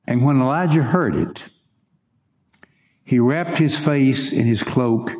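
A man preaching, his voice mellow and warm. He reads scripture dramatically, letting his pitch climb and fall. Now and then he breaks off to speak directly to his congregation. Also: takes it slowly, reverberant. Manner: dramatic reading with wide swings in pitch; asides to the congregation. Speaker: pastor. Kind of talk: sermon scripture reading.

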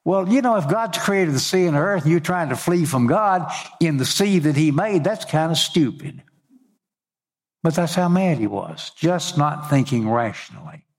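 Man preaching an expressive sermon. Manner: expressive preaching, pitch and volume rising for quoted speech. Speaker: pastor.

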